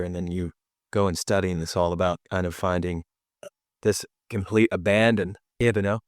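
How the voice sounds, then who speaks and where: Male podcast co-host, low voice, reflective conversational delivery, dry booth sound. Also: steady tone, moderate pace, no echo. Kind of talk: casual conversation.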